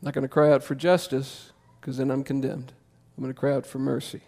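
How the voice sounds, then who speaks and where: A pastor preaching a sermon in a church, conversational and impassioned, jumping to loud emphasis. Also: male voice, medium pitch, level tone, brisk. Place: church sanctuary.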